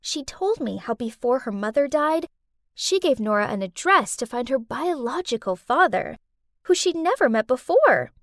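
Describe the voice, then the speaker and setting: A young woman giving scripted first-person narration of an animated story in a wide-eyed, lively way. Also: high voice, moderate pace, no echo, studio quality.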